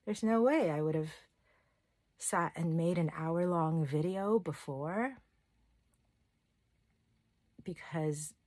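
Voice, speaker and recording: A woman's voice: deep voice, slow pace, pauses often, a little mellow, dry recording. A woman talking to camera in a candid, rambling personal vlog, sharing stories with open emotion. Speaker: self-love coach and channel host. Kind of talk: casual personal vlog monologue.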